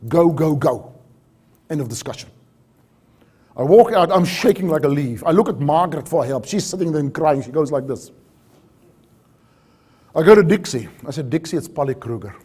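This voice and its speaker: A man who worked as an HR manager at a mine, telling a story in a vivid way that swings between loud and hushed. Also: fairly high pitch, animated, normal speed, pauses often, husky. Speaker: former HR manager at a mine, safety speaker. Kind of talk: dramatic storytelling talk.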